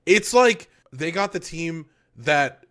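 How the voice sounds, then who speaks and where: A man chatting on a podcast, excitable and joking, swearing freely as he reacts to an anime. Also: a little high, slow pace. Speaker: podcast co-host. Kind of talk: casual podcast chat.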